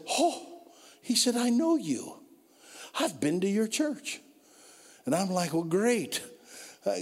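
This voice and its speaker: Preacher in a reverberant church hall. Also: male voice. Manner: storytelling preacher, building from low murmurs to loud climaxes. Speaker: pastor. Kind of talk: sermon.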